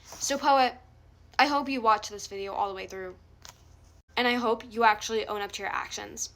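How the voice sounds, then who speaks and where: High bright voice, an angry young woman ranting. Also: moderate pace. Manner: confrontational, heated, swears a lot. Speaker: vlogger calling someone out. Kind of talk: angry direct-to-camera rant.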